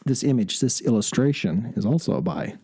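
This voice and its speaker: A man's voice: medium pitch, animated, moderate pace, vocal fry, warm tone, breathy edge. A man co-hosting a podcast in casual, rambling chat, from Canada. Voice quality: talks in loose, rambling runs with laughs. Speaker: podcast co-host.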